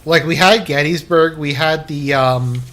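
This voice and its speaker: A man's voice: on the high side, a little slow, fairly bright tone, slight background noise. A man livestreaming a game and chatting casually with viewers, rambling with lots of fillers and blunt, crude remarks. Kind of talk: casual chat while gaming.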